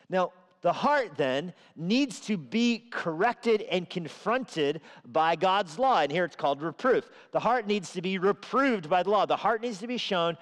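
A man's voice: high-pitched, animated, unhurried, few pauses, big-room sound. A man preaching a sermon in a conversational way, sometimes acting out the voices he quotes. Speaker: pastor. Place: church sanctuary.

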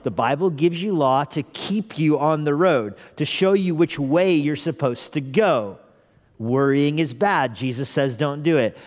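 A man preaching a conversational sermon as pastor, earnestly asking the congregation rhetorical questions and repeating phrases for emphasis. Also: a little high. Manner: repeats phrases for emphasis, chuckles now and then. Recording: long hall reverb in a church.

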